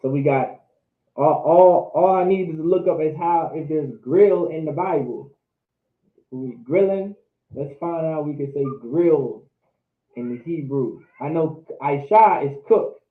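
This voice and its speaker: A man giving a casual language lesson, repeating words slowly and talking informally to his class. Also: a little high. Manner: drawn-out repetition of words, informal. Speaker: teacher. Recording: echoey, tinny phone-like audio.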